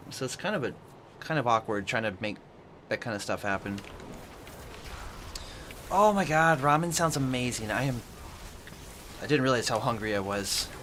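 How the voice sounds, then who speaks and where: Lively bright-voiced male streamer. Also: medium pitch, slight background noise. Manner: chatty, reads and answers chat messages aloud. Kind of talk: casual chat with viewers while gaming. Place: at home in an apartment.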